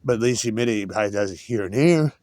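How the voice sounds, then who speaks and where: A man's voice: on the low side, expressive, rapid-fire, mellow, no echo. A man rambling through a casual story, restarting sentences and swearing freely. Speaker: vlogger.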